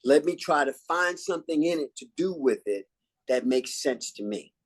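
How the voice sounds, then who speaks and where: An older man from New York, an actor, telling stories in a relaxed interview and acting out old lines and catchphrases. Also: on the high side, moderate pace. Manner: animated, acts out quotes and catchphrases. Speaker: actor guest.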